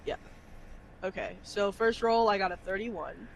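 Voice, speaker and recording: High-voiced joking male player. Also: fairly even intonation, creaky, rough recording. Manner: joking, profane, quick banter. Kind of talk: tabletop game play.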